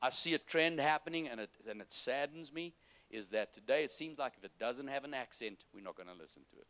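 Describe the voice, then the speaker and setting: A man preaching a sermon, moving between loud, urgent exhortation and soft, low-voiced asides to the congregation. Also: expressive, a little fast. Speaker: pastor.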